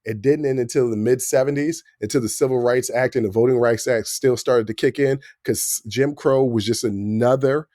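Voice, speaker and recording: A man in his forties from the United States co-hosting a podcast, talking in an animated, joking way and jumping between points. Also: medium pitch, normal speed, few pauses, dry recording, clean studio sound. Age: 40s. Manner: animated, jokey, talks over his co-host. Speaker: podcast co-host. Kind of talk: casual chat.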